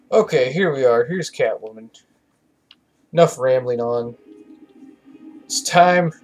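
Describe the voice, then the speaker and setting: A tired man giving rambling, profane, opinionated commentary while playing a video game. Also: medium pitch. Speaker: let's play gamer. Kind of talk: casual gameplay commentary.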